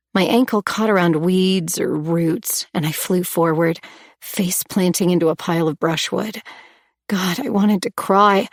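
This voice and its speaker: Female audiobook narrator, low-leaning voice, dry recording, tense emotional read. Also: no echo. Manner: emotional, tense dramatic reading. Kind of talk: first-person audiobook narration.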